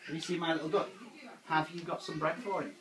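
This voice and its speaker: A woman's voice: low voice, steady tone, fast, a crowd in the background. A woman coaxing a small child through a photo shoot in playful, sing-song baby talk. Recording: echoey room, mic far off.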